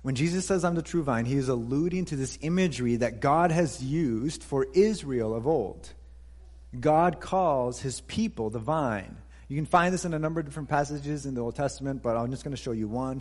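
A man's voice: medium pitch, a little mellow, long reverb tail. A man preaching a sermon as pastor, earnest, repeating key phrases for emphasis.

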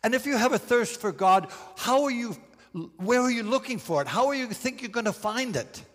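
A male pastor preaches with a high, animated voice whose pitch swings widely, slowing down to press emphatically and deliberately on key phrases. Each line trails off into a long reverb.

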